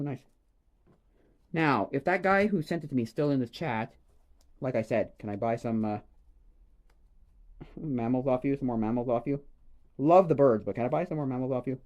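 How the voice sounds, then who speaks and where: A man on a casual livestream, rambling and exclaiming excitedly as he opens trading cards. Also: mid-range voice. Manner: excitable, rambling, exclaims over each card. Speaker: streamer opening a card pack.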